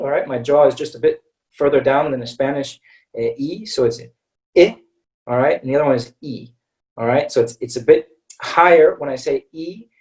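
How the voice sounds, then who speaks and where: A man with an American accent teaching English vowel pronunciation in a webinar, patiently modelling each sound slowly and checking in with "okay?" after nearly every phrase. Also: medium pitch, darkish tone, distant mic, poor audio. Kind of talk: webinar lesson.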